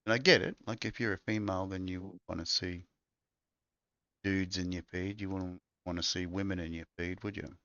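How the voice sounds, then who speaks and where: A man's voice: deep voice, fairly even intonation, normal speed, bright, forceful tone, no echo. A man chatting casually as co-host, rambling and crude in a laid-back way, on a dull lo-fi recording. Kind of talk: casual chat. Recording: dull lo-fi dry sound.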